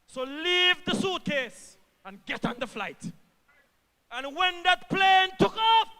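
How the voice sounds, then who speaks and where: High-voiced Antiguan man at a rally. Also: smooth, long reverb tail. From Antigua and Barbuda. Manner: impassioned, repeats lines for emphasis, swings from hushed to shouting. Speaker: government minister. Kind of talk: political rally speech.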